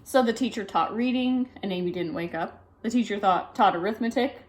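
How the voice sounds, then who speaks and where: A woman reading a children's picture book aloud, with lively delivery and chatty asides about the pictures. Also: medium pitch, brisk. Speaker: storybook reader.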